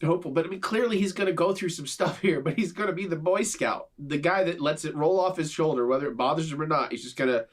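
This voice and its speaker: A man's voice: on the high side, fast talker, hardly any pauses. A man in a video reacting to a film trailer, rambling earnestly and gushing as a devoted fan. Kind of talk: enthusiastic fan reaction commentary.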